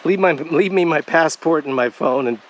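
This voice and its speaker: A man's voice: fairly high pitch, normal speed, muffled recording, a little hiss or hum. A man vlogging on a phone as he walks a rural trail outdoors, frustrated, sarcastic and swearing often. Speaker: vlogger walking a pilgrimage trail. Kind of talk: vlog narration and walking selfie talk. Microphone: handheld phone.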